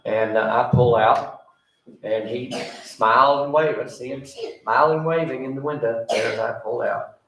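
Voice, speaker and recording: A man's voice: mid-range voice, measured pace, creaky, a bit bright, slight background noise. A male pastor preaching a sermon in a folksy, conversational way, telling a personal story with a joking aside. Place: church sanctuary. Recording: roomy sound from a distant mic.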